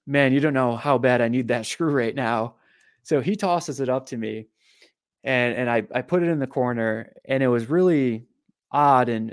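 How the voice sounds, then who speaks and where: A man, a physical therapist and author, telling a long personal story in a podcast interview, animated and often repeating his words. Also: medium pitch, dry recording, studio quality.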